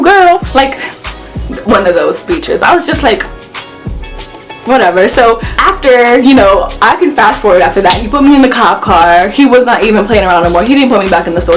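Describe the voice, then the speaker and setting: A young woman telling a story on her vlog, animated and swearing as she acts out the quotes. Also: medium pitch, a little fast, soft background music. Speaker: vlogger.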